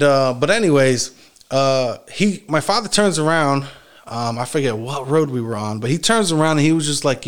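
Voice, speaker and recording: A man tells a long personal story in loose, casual speech, swearing freely and often trailing into fillers. His voice is smooth and resonant, sitting at an ordinary middle pitch. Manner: rambling, heavy swearing, frequent fillers and laughs. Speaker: storyteller recounting his childhood.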